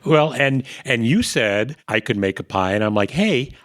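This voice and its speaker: A man's voice: mid-range voice, animated, moderate pace, a bit bright, no echo, studio quality. A man hosting a casual interview podcast, friendly and prompting his guest with open questions. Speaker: podcast host.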